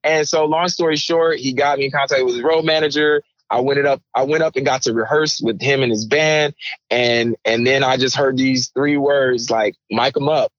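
A man's voice: mid-range voice, steady tone, moderate pace, a bit bright, no room sound, highs cut off. A man guest on a podcast, telling a story with energy and acting out the voices of the people in it. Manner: acts out other people's voices, repeats words. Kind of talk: animated storytelling.

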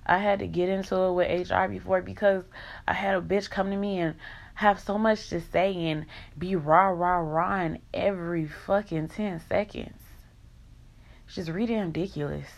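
A woman's voice: fairly low pitch, fairly even intonation, moderate pace, gravelly. A young woman in an emotional vlog rant, venting in raw, profane country slang.

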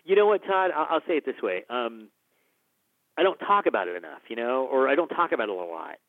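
A man, a film director who is a guest on the show, telling stories in conversation, animated and acting out the people he quotes, with many restarts. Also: medium pitch, fairly quick, no room sound. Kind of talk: conversational storytelling. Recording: dry, phone-like narrow band.

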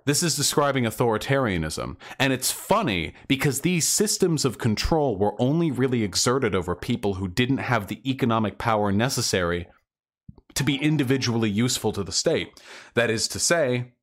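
A man's voice: mid-range voice, lively intonation, moderate pace. A man hosting a reaction commentary video, rebutting clips in a sarcastic, mocking way.

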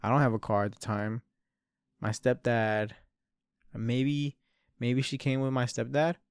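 A man's voice: mid-range voice, flat delivery, measured pace, clean tone, dry recording, studio quality. A man in his early twenties telling a long story in rambling casual talk, swearing a lot and calling the listener bro and dude. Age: 20s. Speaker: podcast host.

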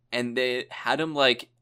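A man's voice: medium pitch, sharp tone, clear, resonant tone. A young man co-hosting a casual chat, telling stories animatedly with lots of swearing and laughter. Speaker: podcast co-host.

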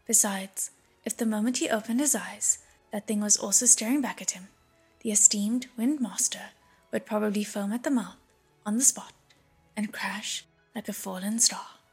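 A woman narrating an audiobook in a breathy, hushed reading voice. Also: medium pitch, normal speed, soft background music.

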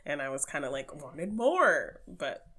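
A woman co-hosting a casual podcast chat, talking in a relaxed way with many fillers. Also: deep voice, a little slow. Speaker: podcast co-host.

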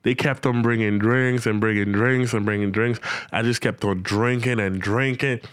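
A young man telling a comic personal anecdote in casual slang, animated and acting out his own reactions. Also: on the low side, normal speed, clear, resonant tone, no room sound, clean studio sound. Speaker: storyteller.

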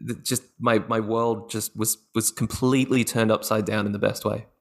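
Australian guy chatting on a podcast, animated storyteller, laughs a lot. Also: on the low side, normal speed, vocal fry. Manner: lively storytelling, often laughing. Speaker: guest actor. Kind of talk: casual podcast interview chat.

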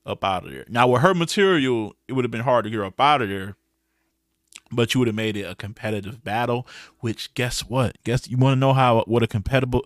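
A man's voice: on the low side, dry recording, clean studio sound. Slangy blunt man recapping battles. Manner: animated, slangy and blunt, with frequent restarts. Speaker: podcast host. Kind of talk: casual recap commentary.

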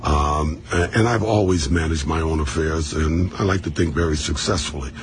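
Brief: older man, very deep voice, assured plain talk, faint background hum. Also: moderate pace.

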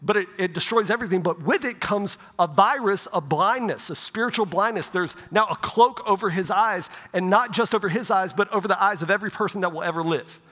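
High-voiced pastor preaching in a reverberant church. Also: male voice, a little fast, hardly any pauses, sharp tone. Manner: conversational preaching, often asks "right?". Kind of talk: sermon. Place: church sanctuary.

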